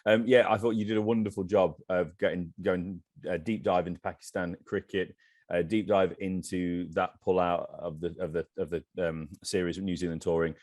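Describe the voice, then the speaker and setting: A man with a deep, low voice co-hosting a podcast in relaxed chat. He speaks bluntly and with strong opinions, often teasing. The sound is close and dry with no room around it. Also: moderate pace, no echo. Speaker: podcast co-host. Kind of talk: casual chat.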